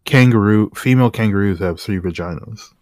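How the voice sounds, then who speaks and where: A young man co-hosting a casual podcast chat, laughing often and jumping up and down in pitch. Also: a little fast, darkish tone, no room sound, clean studio sound. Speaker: podcast co-host.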